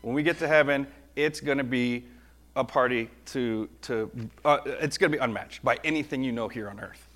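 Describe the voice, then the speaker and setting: A middle-aged man giving a lively, conversational children's sermon, often asking the kids "right?". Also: mid-range voice, moderate pace.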